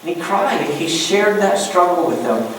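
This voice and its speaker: Pastor, male, animated preacher with joking asides; recorded from a distance in an echoey church with light noise. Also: high-pitched, unhurried. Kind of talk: sermon. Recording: echoey church room from far off.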